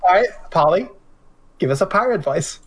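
Teasing deadpan podcast co-host. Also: mid-range voice, moderate pace, slight background noise. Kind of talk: casual chat.

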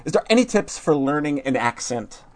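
A man's voice: a little high, very animated, moderate pace. Man, podcast host, chatty, laughs easily, casual. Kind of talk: casual chat.

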